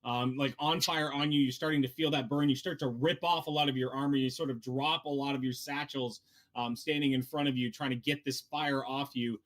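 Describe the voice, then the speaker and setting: A man's voice: mid-range voice, steady tone, fairly quick, a bit bright. A man narrating as dungeon master in a casual tabletop game session, with many fillers and restarts.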